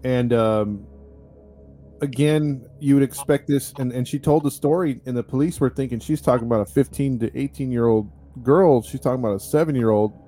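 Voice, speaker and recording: A man's voice: medium pitch, normal speed, dark tone, faint music behind. A man, a podcast host, telling a true-crime story in a casual, chatty way, with lots of fillers and restarts. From United States.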